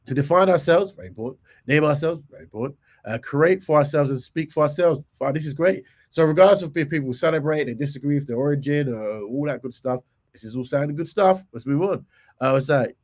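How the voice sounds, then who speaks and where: Hoarse man hosting a livestream. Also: medium pitch, a little mellow. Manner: chatty, muttering asides, trailing off. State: hoarse from a cold. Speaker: livestream host. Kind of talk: casual live commentary.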